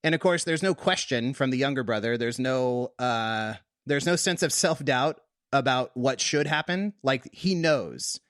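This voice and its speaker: A man co-hosting a podcast, chatting casually about scripture in an ordinary mid-range voice. He gets animated and laughs easily. The sound is close and dry, with no room echo. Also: medium pitch, unhurried, few pauses. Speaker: podcast co-host. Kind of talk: casual Bible discussion.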